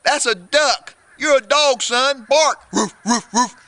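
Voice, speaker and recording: A man's voice: extremely high pitch, slow pace, bright, forceful tone, no room sound, voice pushed up, heavily acted. A man voicing a fussing mother dog who scolds her puppy in an exasperated, drawling way.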